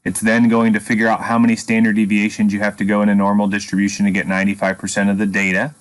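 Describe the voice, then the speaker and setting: Low-voiced man teaching statistics. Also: completely flat delivery. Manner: patient, measured explaining with dry humor. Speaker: math teacher. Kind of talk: screen-recorded statistics lesson.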